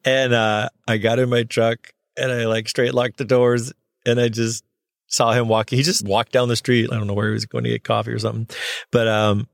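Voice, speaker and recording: A man who works as a notary signing agent casually tells a personal story, animatedly playing both sides of the conversations. His mid-range voice is fairly quick with vocal fry, recorded in clean studio sound with no echo.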